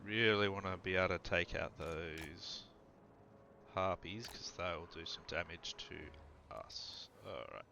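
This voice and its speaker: A man with a low, gravelly voice talks through his strategy game in a loose, rambling way. Steady noise hums under his recording. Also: a little slow. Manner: relaxed, rambling, filler-heavy. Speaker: gaming channel host. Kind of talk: gameplay commentary.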